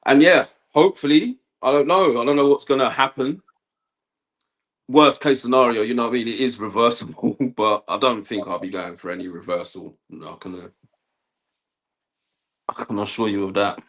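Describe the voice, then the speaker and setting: A man's voice: mid-range voice, steady tone, moderate pace, fairly bright tone. A man, an electrician chatting casually on a livestream, laughing often and asking "do you know what I mean". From Kent, England. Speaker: guest electrician.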